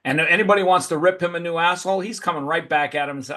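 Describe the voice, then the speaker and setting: Blunt, profane man, slightly high voice. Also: racing, pushed and bright. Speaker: podcast host. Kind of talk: casual conversation.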